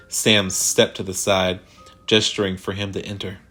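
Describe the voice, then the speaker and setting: A man reading a sci-fi horror short story aloud in a measured, deliberate way. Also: low voice, little pitch movement, sharp tone, breathy edge, faint music behind. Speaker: narrator. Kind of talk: scripted horror story narration.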